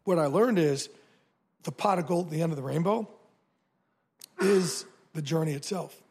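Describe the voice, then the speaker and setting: A man in his fifties, a podcast guest telling stories in a blunt, animated way, often swearing. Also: fairly high pitch, moderate pace, slightly rough. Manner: blunt, profane, animated storyteller. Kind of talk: casual interview storytelling.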